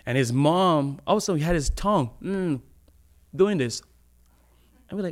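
A man's voice: fairly high pitch, animated, unhurried. A man preaching a sermon in a church, talking in a loose conversational way, laughing often and stretching out the words he wants to stress.

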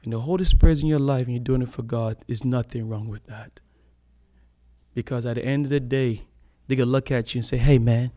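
A man's voice: medium pitch, mellow. A man preaching a sermon in a church, talking in a loose conversational way, laughing often and stretching out the words he wants to stress.

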